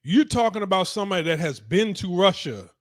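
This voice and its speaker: A young adult man with a slightly high voice, hosting a casual stream. He talks bluntly and profanely, dismissing what he reads with animated scorn. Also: fairly quick, dry recording, studio quality. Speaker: streaming talk show host. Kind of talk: casual reaction commentary.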